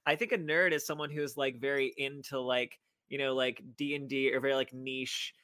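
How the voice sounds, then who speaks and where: A man's voice: medium pitch, level tone, normal speed, bright, forceful tone, no echo, studio quality. A man guesting on a podcast, chatting casually with wry, dismissive humor. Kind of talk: casual chat.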